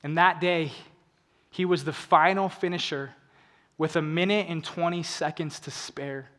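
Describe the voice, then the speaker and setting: A young man with a slightly high voice tells a personal story to an audience. He drops to hushed, emotional lows and rises to urgent appeals. His voice rings with the long reverb of a large event hall. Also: steady tone, unhurried. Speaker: motivational speaker. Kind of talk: inspirational stage talk.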